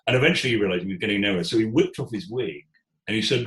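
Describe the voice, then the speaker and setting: A British theatre executive in his sixties telling stories in an interview, animated, often restarting words and quoting voices. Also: on the low side, racing, reverberant, noisy background. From Britain. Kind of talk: conversational storytelling.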